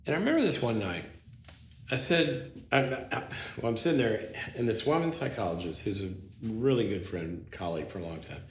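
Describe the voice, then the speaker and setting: Animated storytelling man in a roomy space. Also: lowish voice, fairly quick. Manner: animated, acts out dialogue, frequent restarts. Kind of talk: conversational storytelling. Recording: roomy with faint noise.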